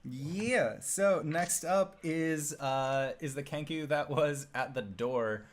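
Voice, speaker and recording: A man narrating as game master of a tabletop role-playing game. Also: on the high side. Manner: animated, quick narration with playful put-on voices.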